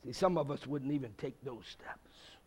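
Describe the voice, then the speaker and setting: A man preaching a revival sermon, acting out the story's voices and building up to loud shouts. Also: medium pitch, moderate pace, slightly rough.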